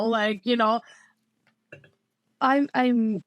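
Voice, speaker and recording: A woman's voice: mid-range voice, animated, normal speed, dry recording. Midwestern woman in her 30s, podcast guest, rambly and filler-heavy, dry close mic. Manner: chatty, rambling, many fillers like "like" and "you know". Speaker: podcast guest, former coaching client. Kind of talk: casual conversational interview.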